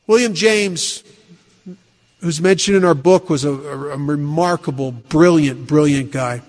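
Guy w a high voice giving his testimony to a room, blunt and self-mocking, long hall echo. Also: measured pace, darkish tone. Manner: blunt, self-mocking storyteller with rhetorical questions. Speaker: speaker sharing his story at a recovery meeting. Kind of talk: personal testimony talk to a live group. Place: meeting room with an audience.

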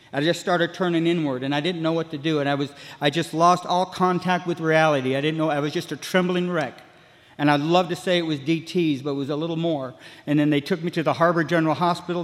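A man telling his own recovery story to a meeting, rambling with lots of "you know" and restarts, and acting out the voices of people he met. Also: a little high. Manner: acts out other people's voices. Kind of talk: personal recovery story told to a room. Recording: long hall reverb.

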